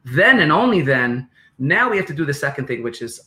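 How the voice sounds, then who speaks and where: A man with a New York accent and a fairly high voice explains business ideas as a podcast guest. He talks fairly quickly and animatedly, repeating phrases and acting out quotes.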